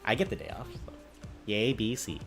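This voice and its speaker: Casting: man, talkative streamer, laughs often, animated pitch. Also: moderate pace, gravelly, faint music behind. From British Columbia, Canada. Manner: chatty, laughing, rambling with restarts. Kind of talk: casual game stream chat.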